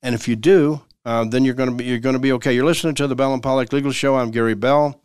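A man hosts a legal advice show as a practicing lawyer, talking plainly and hammering his points home through repetition. His voice sits at a middling pitch. The recording is dry, with no room sound. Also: steady tone, quick pace, a little mellow, clear, resonant tone, no echo. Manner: emphatic and repetitive, acts out everyday dialogues. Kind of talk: conversational legal advice talk.

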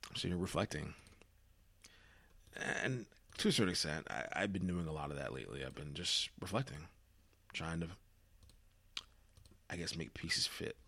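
A man's voice: low voice, lively intonation, normal speed, vocal fry, long pauses, pushed and bright, dry recording. A worn-out young man hosting a solo podcast, rambling wearily and swearing freely, sometimes dropping to a whisper. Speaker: podcast host. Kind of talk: solo reflective monologue.

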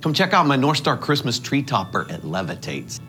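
A man acting as a goofy, oblivious dad in a comedy sketch, talking in an excitable, rambling way. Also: mid-range voice, moderate pace, loud music behind the voice. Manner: excitable, rambling, lively delivery.

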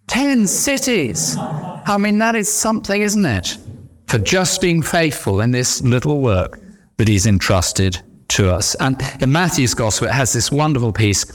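A middle-aged man preaching a sermon, emphatic, with repeated refrains. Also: medium pitch. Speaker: pastor.

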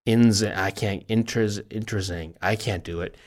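A man's voice: on the low side, steady tone, normal speed. A middle-aged man hosting a podcast in casual chat, rambling and self-deprecating, often stumbling over his words. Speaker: podcast host.

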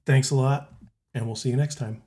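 An easygoing man hosting a podcast, chatting loosely and chuckling often. His voice sits at a medium pitch for a man. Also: fairly even intonation, fairly quick, over music. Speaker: podcast host. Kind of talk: casual chat.

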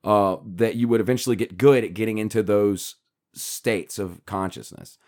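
A man's voice: fairly low pitch, steady tone, normal speed, a little mellow. A man co-hosting a podcast, explaining a book's ideas in a rambling casual chat with many fillers and restarts. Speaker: podcast co-host.

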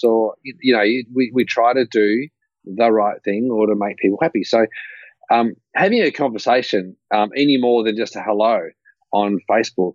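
A man's voice: on the low side, moderate pace, darkish tone, no room sound. Upbeat man, muffled dry mic. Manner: upbeat, encouraging, repeats phrases. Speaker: podcast co-host. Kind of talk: casual chat.

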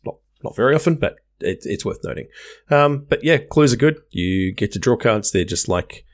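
A man co-hosting a podcast, calmly explaining card game rules step by step in a casual, matter-of-fact way. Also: medium pitch, normal speed. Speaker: podcast co-host.

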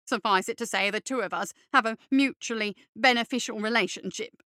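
A man's voice: sits high, a little fast, bright, forceful tone, clean tone, dry recording, clean studio sound. A woman voicing a thin, cowardly, foppish male bureaucrat in an audiobook, whiny, pompous and fussy. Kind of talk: audiobook character voice.

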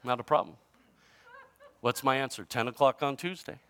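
A man preaching a sermon as a pastor, telling a comic story with animated swings between loud and hushed delivery. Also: medium pitch, moderate pace, slight background noise.

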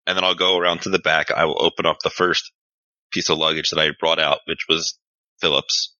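A very deep-voiced man plays a big gruff bruiser in a tabletop game, blunt and quick to curse. His tone is forceful and sharp. The mic sounds dull and muffled, with a dry, close sound. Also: level tone, no room sound. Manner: blunt, swears a lot. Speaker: player. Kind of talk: tabletop role-play, in and out of character.

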